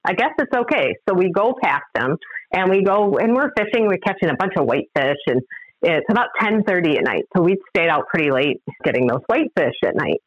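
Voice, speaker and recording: A woman's voice: on the low side, animated, a little fast, no room sound, highs cut off. A middle-aged woman telling a story as a podcast guest, acting out other people's lines. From Upper Midwest of the United States. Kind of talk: animated storytelling.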